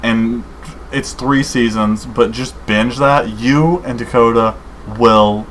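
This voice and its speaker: A man co-hosting a podcast in casual chat, rambling and excited, saying dude and man a lot. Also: mid-range voice, slow, slight background noise, rough recording. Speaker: podcast co-host.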